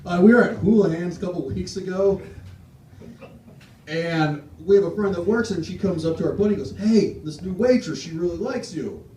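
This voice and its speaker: A young man with a notably high voice does a wry stand-up story at an open mic. He is miked from a distance in a roomy club, with clear background noise behind him. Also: brisk, warm tone. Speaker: stand-up comic. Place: small comedy club stage.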